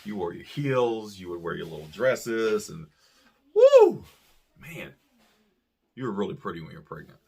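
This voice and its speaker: A man co-hosting a casual chat, telling a story in an animated, profane way and acting out quotes. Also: low-pitched, a little fast, vocal fry, hardly any pauses, husky. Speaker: podcast co-host.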